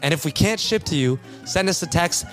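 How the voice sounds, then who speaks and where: A man's voice: a little high, lively intonation, a little fast, a bit bright, soft background music. A man co-hosting a podcast, reading sponsor spots and announcements in an upbeat delivery. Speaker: podcast co-host. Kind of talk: casual chat and read sponsor spot.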